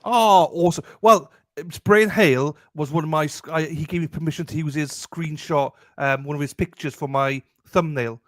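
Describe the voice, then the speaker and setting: A man's voice: a little high, moderate pace, hardly any pauses, fairly bright tone, dry recording, clean studio sound. A man co-hosting a live stream, upbeat and affectionate, reading viewers' names and comments aloud. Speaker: co-host. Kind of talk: casual live stream chat.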